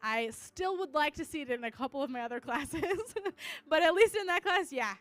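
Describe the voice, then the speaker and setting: A young woman teacher speaks a bit fast in a high, bright, sing-song voice, telling a church audience about her students. It's a chatty testimony, full of "like" fillers and the odd Spanish word.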